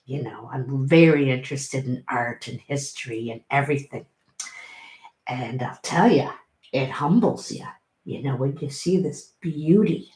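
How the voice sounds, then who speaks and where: A middle-aged woman giving a casual tarot reading, chatty and encouraging, with sudden bursts of excitement. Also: rumbling low, a little slow. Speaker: tarot reader. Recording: roomy echo.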